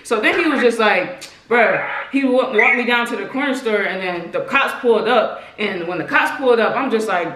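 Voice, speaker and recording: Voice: mid-range voice, lively intonation, normal speed, sharp tone. A young adult vlogger, chatting casually and spinning rambling nonsense stories on prank phone calls. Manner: playful, laughing, making up rambling nonsense stories. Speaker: channel host. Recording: echoey room, faint hiss.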